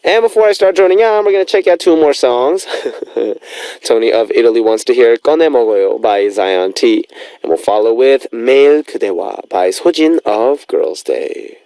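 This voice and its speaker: Young man, radio host, casual rambling chat, middle pitch, dry studio sound. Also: lively intonation, moderate pace, mellow, clean tone, dry recording. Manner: rambling and chatty, with many fillers.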